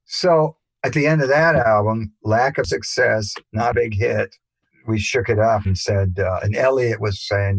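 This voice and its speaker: Low-voiced older man telling stories. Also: unhurried, dry recording, low-quality recording. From England. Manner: rambling, anecdotal, with frequent fillers and restarts. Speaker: musician guest. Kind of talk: relaxed storytelling interview.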